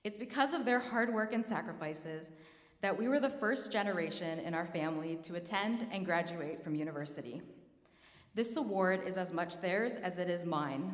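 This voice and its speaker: A woman in her thirties giving a prepared award acceptance speech, earnest and self-deprecating, holding back tears. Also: on the low side. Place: large hall at an awards ceremony. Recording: echoey hall, roomy reverb.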